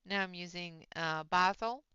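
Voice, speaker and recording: A woman's voice: lowish voice, a little slow, sharp tone, clean tone, no echo, highs cut off. A woman hosting a live colouring stream from home, chatting in an easygoing, storytelling way. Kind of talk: casual chat while colouring.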